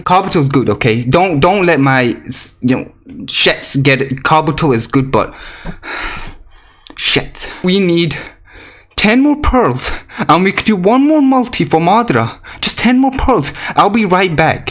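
A man doing gacha summon commentary for a video, excitable, swinging from mock gloom to shrieks, his voice cracking. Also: a little high, measured pace, soft background music. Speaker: gaming YouTuber.

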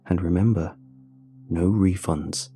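A man voicing a brisk, dismissive doctor who hurries his customer out the door in a storybook reading. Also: low-pitched, steady tone, dark tone, slightly rough, soft background music, heavily acted. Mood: curt.

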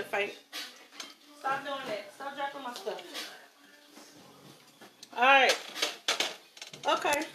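A woman with a Southern US accent chatting excitedly to viewers while she cooks in her home kitchen. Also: high-pitched. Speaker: home cooking vlogger. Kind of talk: casual cooking chat to viewers. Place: home kitchen with food sizzling. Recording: noisy kitchen background.

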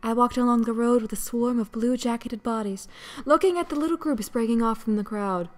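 Breathy dramatic narrating woman. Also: a little high, a little fast, a little mellow. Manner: breathy, seductive reading voice. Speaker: game co-host.

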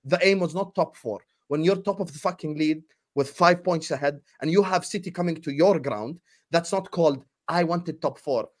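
A man with a notably high-pitched voice rants about his football club on a fan panel show. He swears freely and sounds fed up. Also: fairly quick, hardly any pauses, a little mellow. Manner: ranting, profane, exasperated. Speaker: football pundit, Liverpool fan. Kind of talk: heated fan panel talk.

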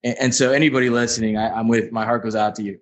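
A man's voice: mid-range voice, fairly even intonation, very fast. A man hosting a podcast interview, talking candidly and casually and repeating words as he goes. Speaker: podcast host.

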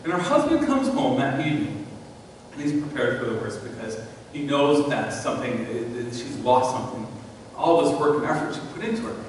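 A male pastor preaching a sermon in a church, telling a story and swinging between hushed and loud. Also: medium pitch, sing-song, brisk. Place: large church sanctuary. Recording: distant mic, long church reverb, faint noise.

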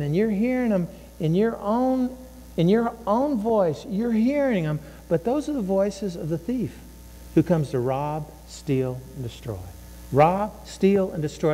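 A man's voice: high voice, warm tone, in a large hall. A man preaching a sermon as a pastor, emphatic and repeating his phrases, sometimes voicing inner thoughts.

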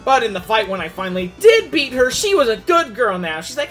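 Animated, goofy guy recapping a game. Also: very high voice, a little fast, hardly any pauses, faint music behind. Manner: animated, goofy, with frequent restarts. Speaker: gaming channel host. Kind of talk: unscripted game story recap.

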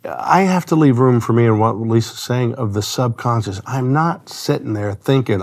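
A man co-hosting a faith podcast as the therapist, reflecting aloud with gentle humor. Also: mid-range voice, normal speed, creaky, hardly any pauses. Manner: reflective, warm-humored, quotes prayers aloud. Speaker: therapist co-host. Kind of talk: casual faith talk.

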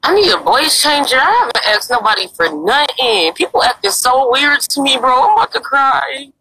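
A woman's voice: high-pitched, sing-song, normal speed, bright, forceful tone, slightly rough, low-quality recording. A young woman livestreaming outdoors in a parking lot on her phone, talking in a brash, crude and pleading way. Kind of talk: casual live-stream chat.

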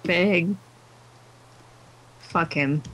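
A woman's voice: fairly low pitch, extremely slow, fairly bright tone, slight background noise, rough recording. An exhausted woman gamer chatting to herself during late-night gameplay, giggling as she goes. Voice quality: giggly, talks to herself and the game. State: exhausted, sleepy.

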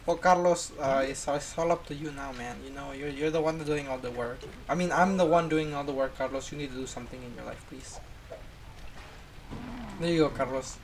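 A gamer giving casual, playful gameplay commentary, excitable and teasing a friend throughout. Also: medium pitch, fairly quick, a little hiss or hum.

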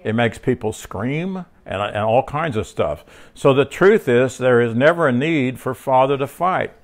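A man with a medium-pitched voice and lively intonation speaks at a measured pace during a conversational Bible teaching. His rambling delivery has frequent restarts and filler words, drifts into personal stories, and checks in with the listener via tag questions.

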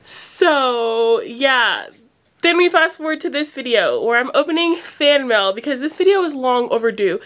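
Young woman, high-pitched, unedited phone vlog, teary and rambling, filler-heavy. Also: very animated, unhurried, a bit bright. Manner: rambling, emotional, near tears, many "like" fillers. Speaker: vlogger opening fan mail.

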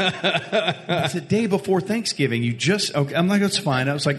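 A radio host with a Texan twang tells a story live, his voice sitting a little high. He acts out every quote, with a lot of laughs. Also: lively intonation, normal speed, a bit bright.

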